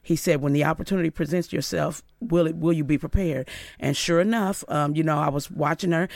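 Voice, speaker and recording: A woman's voice: brisk, gravelly, no echo. A middle-aged woman from Inglewood, California, a guest in a radio studio, telling stories animatedly and acting out the voices in them. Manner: lively, acts out quoted dialogue with big pitch jumps. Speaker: guest, celebrity hairstylist. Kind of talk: animated storytelling interview.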